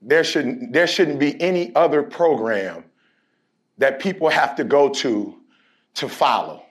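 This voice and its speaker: A man giving a preacher-like pep talk to a college sports team. He talks in an emphatic rhythm, acts out conversations when telling stories, and leads call-and-response chants that build to shouts. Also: mid-range voice, lively intonation, a little slow. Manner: storytelling and playful, acting out conversations. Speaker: motivational speaker addressing a college sports team.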